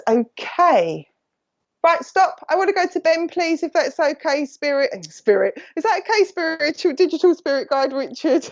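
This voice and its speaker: A woman with an Essex accent giving a live mediumship reading, chatty and affectionate, hopping quickly from one thought to the next. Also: a little high, darkish tone, muffled recording. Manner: rambling, jumps between thoughts; chatty and affectionate, calls people "my lovely". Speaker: psychic medium.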